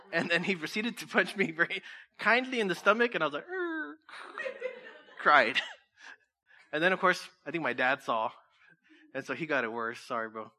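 A pastor giving a conversational sermon in a church, joking, laughing often and telling stories between scripture readings. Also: male voice, on the high side, bright, forceful tone.

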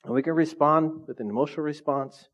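A middle-aged male pastor preaching a lively, conversational sermon, often asking the congregation questions. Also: a little high, brisk. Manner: asks the congregation frequent questions. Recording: dull lo-fi sound.

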